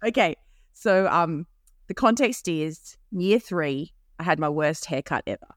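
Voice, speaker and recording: A woman's voice: deep voice, animated, measured pace, dry recording, studio quality. A woman co-hosting a podcast, telling a story in casual chat and laughing often. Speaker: podcast co-host.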